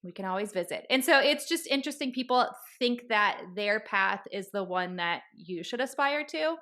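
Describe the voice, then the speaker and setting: A woman's voice: medium pitch, animated, normal speed, fairly bright tone. Chatty woman telling a story. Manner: chatty storytelling, acts out quoted dialogue. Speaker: podcast host. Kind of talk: casual podcast chat.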